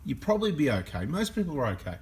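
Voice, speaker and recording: A man's voice: a little high, very animated, quick pace, a little mellow. A man with an Australian accent, hosting a diesel mechanic channel and explaining at length, emphatic and forever asking "right?" for agreement. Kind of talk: explanatory monologue.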